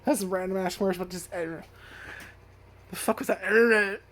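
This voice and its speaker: A woman's voice: mid-range voice, steady tone, fast, a bit bright, a little hiss or hum. A woman reviewing an anime casually, rambling, swearing a lot and laughing often. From United States.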